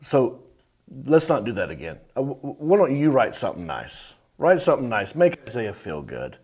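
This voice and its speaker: A man hosts a casual comedy podcast in a mid-range, sing-song voice that's a little mellow and slightly rough, speaking at normal speed. He sounds playful and mock-indignant, drawing out his sign-offs.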